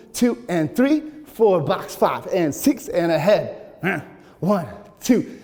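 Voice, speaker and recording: Young male dance teacher, energetic and out of breath, counts beats in a big echoing studio. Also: high voice, slow. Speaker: dance instructor. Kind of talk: dance tutorial, counting out moves. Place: large echoey dance studio.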